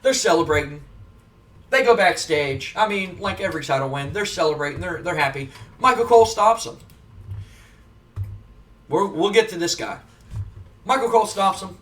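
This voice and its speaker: A man giving relaxed, chatty play-by-play of a wrestling simulation game as the host. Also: sits high, normal speed, pauses often, distant mic. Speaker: gaming video host. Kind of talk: casual play-by-play commentary of a wrestling sim.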